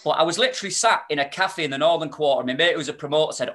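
Man, bright tone, loose rambling podcast chat, lots of restarts. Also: fairly high pitch, racing, few pauses. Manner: rambling, many restarts and fillers. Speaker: podcast guest, spoken-word performer.

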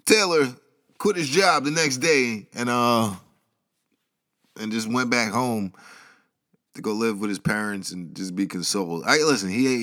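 A man's voice: on the low side, fairly bright tone. A man telling a news story as casual, rambling commentary, full of slang, asides and chuckles. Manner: slangy, rambling, laughs at his own asides. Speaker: commentary vlogger.

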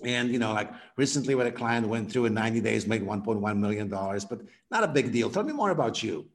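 A man on a podcast explaining sales messaging, energetic and acting out sample conversations. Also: lowish voice, fast. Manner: energetic, acts out example dialogues. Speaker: guest, sales coach. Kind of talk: podcast interview.

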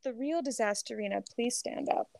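A woman co-hosting a podcast, telling gossip in a lively casual chat, full of "like" and cursing. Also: on the high side, normal speed, vocal fry, no room sound. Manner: animated storytelling, heavy filler "like", swears freely. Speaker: podcast co-host.

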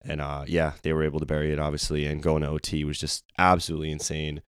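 Young male podcast co-host: hoarse, very low voice, rattles along fast with fillers. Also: no echo, clean studio sound. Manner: rambling, excitable, lots of fillers. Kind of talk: casual sports podcast chat.

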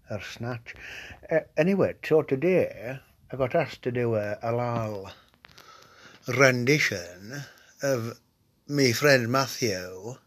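Slow, sweary Cumbrian man with a cold. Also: mid-range voice. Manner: swearing, dialect-heavy, trails off into mutters. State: has a cold. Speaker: podcast host. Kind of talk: rambling crude comic monologue.

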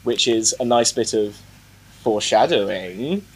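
A man chatting casually about a film, rambling with lots of fillers and swearing, animated. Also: fairly low pitch, measured pace, breathy edge. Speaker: podcast co-host. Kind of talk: casual film-review chat.

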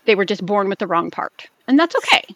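A woman from the United States co-hosting a podcast in casual chat, blunt and swearing freely, talking in quick bursts. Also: medium pitch, sing-song, fairly bright tone, slight background noise. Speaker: podcast co-host.

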